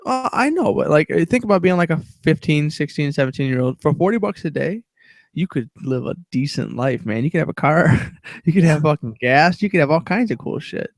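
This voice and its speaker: A man's voice: a little high, expressive, a little fast, creaky, no room sound. A man in casual podcast chat, laid-back and swearing a lot.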